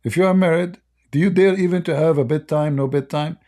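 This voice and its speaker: An online commentator whose first language is Arabic delivers a casual joking monologue in broken English, rambling and mocking as he goes. His voice is fairly high, brisk and warm.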